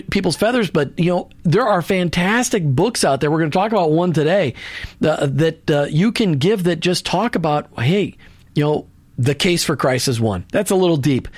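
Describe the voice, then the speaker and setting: A man's voice: sits high, no echo. A man hosting a Christian radio talk show, speaking earnestly in a preachy way, with many restarts and asides into a studio microphone.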